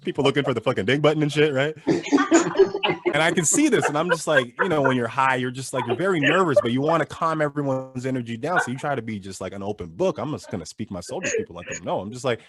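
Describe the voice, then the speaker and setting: A man's voice: medium pitch, fast talker, very noisy. A young man doing a seated stand-up set, telling a loose, profane story and laughing at his own jokes. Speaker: stand-up comedian.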